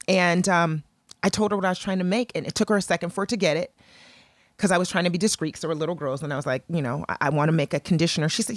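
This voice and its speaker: Low-voiced woman telling a lively story. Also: very fast, no echo, clean studio sound. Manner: animated storyteller, acts out quotes in a higher voice. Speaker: entrepreneur guest. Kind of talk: casual storytelling chat.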